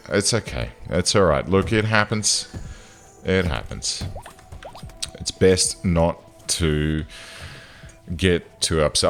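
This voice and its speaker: A man with a very low voice talks through his game session in a casual, running commentary, now and then bursting out in exasperation. Faint game music plays underneath. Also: lively intonation, slow pace, long pauses. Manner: chatty, swings into loud exasperated outbursts. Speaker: gaming channel host.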